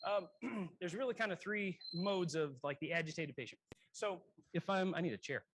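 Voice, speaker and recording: A man giving a casual emergency medicine lecture, conversational and self-correcting, often clearing his throat. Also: sits high, normal speed, fairly bright tone, low-quality recording.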